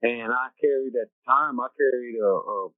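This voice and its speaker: Male interview guest, average pitch, casual streetwise storyteller, thin phone-quality dry audio. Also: moderate pace, no room sound. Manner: rambling, streetwise, tags lines with "right?" and "you know what I'm saying". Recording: tinny phone-like dry sound.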